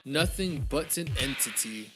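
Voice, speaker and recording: A man's voice: medium pitch, animated, measured pace, music in the background, lightly acted. A man voicing a mysterious entity that guides the dead, read out in a solemn, detached way from a game's text.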